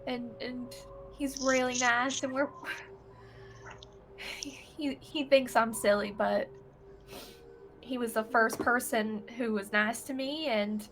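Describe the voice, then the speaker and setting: A woman's voice: fairly high pitch, steady tone, takes it slowly, long pauses, fairly bright tone, a little hiss or hum. A woman voicing a timid young girl adventurer who rambles nervously to her brother, in a tabletop role-play game. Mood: anxious.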